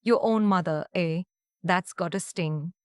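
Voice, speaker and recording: A man's voice: high-pitched, a little slow, clear, resonant tone, no room sound, clean studio sound. A woman voicing a smug, scheming ex-husband who taunts. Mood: taunting. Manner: taunting, pleased with himself.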